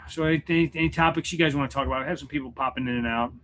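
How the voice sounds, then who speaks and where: A man with a bright, forward voice hosts a casual livestream chat. He rambles and jokes, restarting his sentences as he goes. A faint hum of noise sits under the voice. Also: medium pitch, steady tone, quick pace, creaky. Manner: rambling, self-interrupting, joking. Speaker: YouTube channel host and musician. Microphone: computer setup at home.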